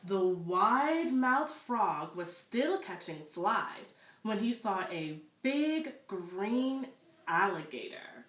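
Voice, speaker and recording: A woman reading picture books aloud to children at story time, expressive and encouraging. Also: lowish voice, takes it slowly, distant mic. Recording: roomy echo, away from the mic.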